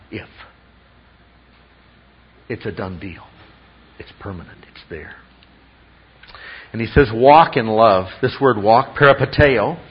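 Husky-voiced male pastor preaching. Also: medium pitch. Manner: teacherly, asks the congregation rhetorical questions. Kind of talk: expository sermon. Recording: dull lo-fi sound.

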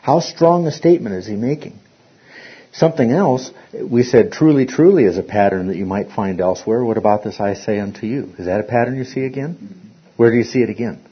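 Husky low-voiced Bible study teacher. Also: male voice, brisk. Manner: rambling, repeats words and restarts often. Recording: dull lo-fi recording.

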